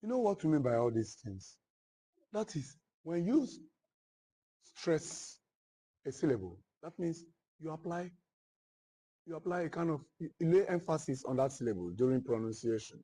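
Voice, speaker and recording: A man teaching literature in a classroom, slowly repeating each point and often checking whether his students follow. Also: a little high, very animated, mellow, husky, rough recording. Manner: slow, repetitive, checks understanding often. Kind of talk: classroom lecture.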